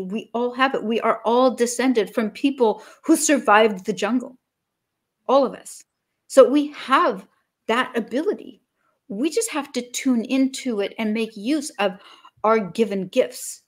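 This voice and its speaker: Energetic high-voiced woman coach. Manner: energetic, emphatic, acts out little scenes. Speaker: business coach. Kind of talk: podcast interview guest.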